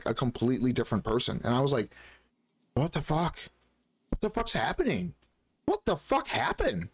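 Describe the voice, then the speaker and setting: A man live-streaming a game, talking casually and ranting heatedly with lots of swearing, sometimes mocking others in a shrill voice.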